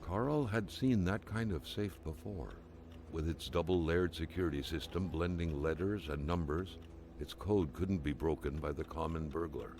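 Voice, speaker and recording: An actor playing the grave narrator of a horror game, telling the story in a measured, ominous way. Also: male voice, low voice, background noise.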